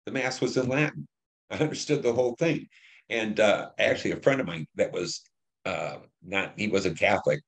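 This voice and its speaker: A man's voice: on the low side, normal speed, vocal fry. A man in his seventies, a war veteran being interviewed, recounting his memories in a blunt, profane storytelling manner. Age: 70s.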